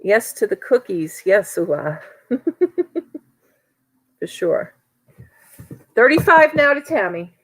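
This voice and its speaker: A woman's voice: mid-range voice, very animated, slow, long pauses, fairly bright tone, low-quality recording. A woman with a New York accent calling a live online auction, chatty and teasing bidders by name.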